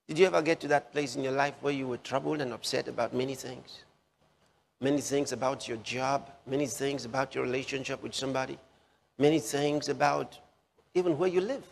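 A man preaching a sermon, slow and emphatic, repeating key phrases for effect. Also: mid-range voice, steady tone, gravelly, big-room sound.

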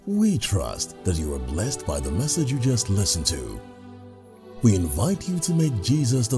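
Deep voice announcer guy, super expressive melody, music in the back. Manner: measured, solemn reading. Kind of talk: scripted closing prayer. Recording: music bed behind the voice.

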